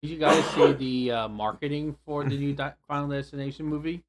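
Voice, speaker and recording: A man chatting casually on a podcast, laid-back and slow to find his words. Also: a little high, fairly even intonation, over a noisy crowd. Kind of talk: casual chat.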